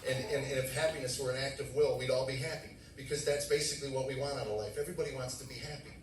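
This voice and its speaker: Fast-talking man preaching in an echoey hall. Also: medium pitch, slight background noise. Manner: animated storytelling, acting out dialogue with sudden loud outbursts. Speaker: preacher giving testimony. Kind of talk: sermon testimony. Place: church sanctuary. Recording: echoey room, mic at a distance.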